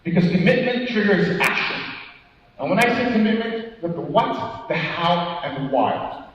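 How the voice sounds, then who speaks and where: In a very animated high voice at normal speed, a male motivational speaker works the room at a large conference hall. Engaging throughout, he quizzes people, punctuates points with "right?", and plays out anecdotes in quoted dialogue. Recorded from far off, the hall's echo leaves the sound dull.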